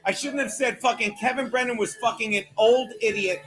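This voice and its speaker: A man's voice: very high-pitched, a little fast, a bit bright, soft background music. A man hosting a casual livestream, rambling through a profane, self-mocking rant. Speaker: livestream host. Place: home livestream.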